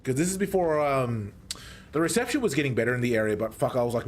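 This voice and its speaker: A young man, telling a story in a casual, animated way and swearing heavily as he goes. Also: mid-range voice, rapid-fire, a little hiss or hum. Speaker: streamer.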